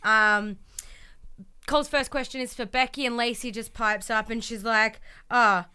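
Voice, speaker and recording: Woman on a podcast, super clear bright voice, rambly recap with lots of ums. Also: a little high, fairly even intonation, normal speed. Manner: chatty, lots of ums, acts out quotes in voices. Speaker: podcast co-host. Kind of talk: casual wrestling recap chat.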